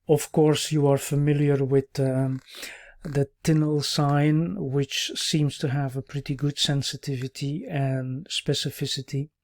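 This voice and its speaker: A man teaching a recorded clinical course, explaining at an even pace with many "uh" pauses and checking "yeah?" tags. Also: fairly high pitch. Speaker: orthopaedic medicine instructor.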